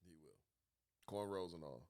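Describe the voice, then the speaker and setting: A man's voice: low voice, moderate pace. A man co-hosting a casual podcast, riffing comedically with profanity, frequent laughter and acted-out quotes. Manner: animated, profane, laughs often, acts out quotes. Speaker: podcast co-host.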